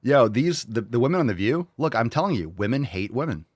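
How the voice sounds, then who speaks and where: A man's voice: medium pitch, sing-song, no echo, studio quality. A man hosting a reaction show, commenting crudely and sarcastically on clips. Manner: crude, sarcastic, quick asides. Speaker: host.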